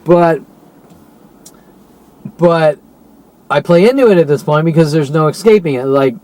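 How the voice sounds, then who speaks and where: A man's voice: a little high, measured pace, darkish tone, poor audio. Agitated man ranting in a monologue. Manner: agitated, profane, rhetorical questions. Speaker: vlogger. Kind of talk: rambling monologue.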